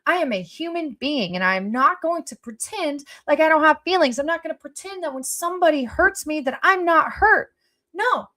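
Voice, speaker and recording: A blunt woman vlogger speaking straight to her viewers, her voice sitting a little high. She is emphatic and swears freely, jumping from loud outbursts to quiet, soft asides. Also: animated, moderate pace. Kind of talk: casual personal talk to viewers.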